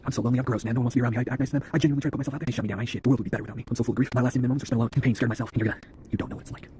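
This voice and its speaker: A man ranting fast to camera in an intense, swearing, preachy way. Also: medium pitch, steady tone, mellow, a little hiss or hum. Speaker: online video creator.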